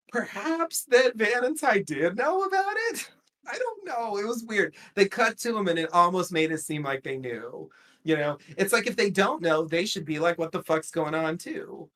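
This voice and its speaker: A man's voice: high-pitched, bright, forceful tone. A man casually recapping a TV episode on a podcast, chatty and rambling, laughing often.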